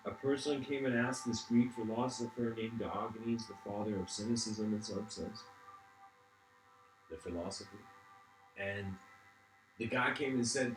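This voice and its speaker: A man's voice: on the low side, moderate pace, roomy sound, soft background music, poor audio. A man giving a reflective livestreamed lecture. He meanders, restarts often and says "you know" a lot.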